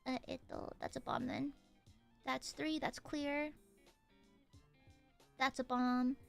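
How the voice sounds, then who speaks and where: With a Southern US accent, a young woman chats and laughs playfully, teasing as she streams a game. Her high voice is level, slow, and creaky yet clean in tone, with faint music in the background.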